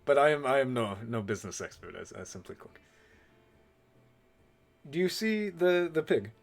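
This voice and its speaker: A man's voice: mid-range voice, big pitch swings, normal speed, vocal fry, faint music behind. A man voicing a stern, scornful male head chef who lectures in formal speech without contractions. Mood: lecturing.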